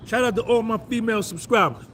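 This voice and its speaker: A middle-aged man on a casual live stream, loose and boastful, repeating himself as he shouts out viewers. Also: high-pitched, quick pace, slight background noise. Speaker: vlogger doing a live stream.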